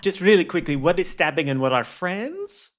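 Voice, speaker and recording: A man's voice: sits high, big pitch swings, normal speed, pitched above the performer's own voice. A man voicing a confused, meek old man who has lost his memory, stammering as he asks questions. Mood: bewildered. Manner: bewildered, stammering.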